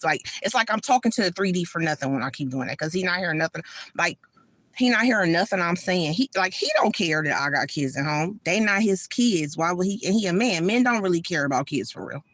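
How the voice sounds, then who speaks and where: A woman's voice: fairly low pitch, a bit bright, no room sound. A woman, venting in a rambling, emotional vlog from a parked car, upset and homesick. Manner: venting, rambling, repeats herself. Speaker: vlogger.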